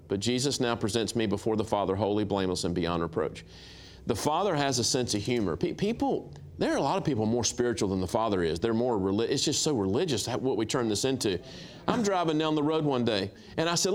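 A middle-aged man, a guest minister, telling lively stories on a talk show and acting out dialogue with laughs. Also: lowish voice. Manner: animated storyteller, acts out dialogue, laughs. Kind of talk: storytelling testimony on a talk show.

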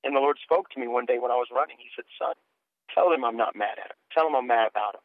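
A man's voice: medium pitch, fast talker, no room sound. A middle-aged man telling his testimony as a guest in a radio interview, earnest and stumbling over restarts. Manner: earnest storytelling, stammers on restarts. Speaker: guest minister and author. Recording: dry tinny phone line.

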